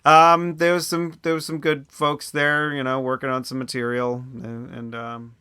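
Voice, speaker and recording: A man co-hosting a casual comedy podcast, joking and often trailing off quietly. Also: medium pitch, completely flat delivery, normal speed, clean tone, dry recording, studio quality. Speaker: podcast co-host.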